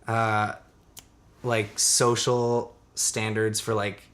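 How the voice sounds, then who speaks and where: A man's voice: fairly low pitch, flat delivery, drawn-out words, fairly bright tone. A young man co-hosting a podcast in casual chat, rambling with lots of fillers, swearing and laughing often. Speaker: podcast co-host.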